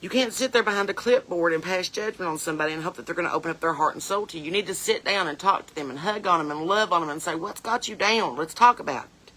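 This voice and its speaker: A woman's voice: on the low side, fast, bright, forceful tone. A woman playing a blunt, chain-smoking porch mom, talking in a folksy, earnest, rambling way. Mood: tearful. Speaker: comedian in character. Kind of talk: comedic character monologue.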